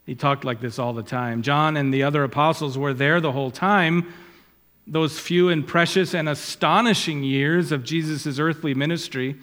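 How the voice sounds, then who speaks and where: A man preaching a sermon, swelling loud and high when he quotes Scripture and dropping low and quiet on asides. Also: fairly even intonation, moderate pace. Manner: rises in pitch and volume when quoting Scripture, drops low on asides. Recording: long hall reverb.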